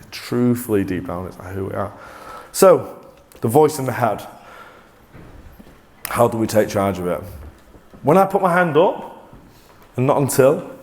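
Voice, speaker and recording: A man presenting a motivational talk to a live audience, energetic and coaxing, often restarting mid-sentence. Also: fairly low pitch. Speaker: corporate presenter.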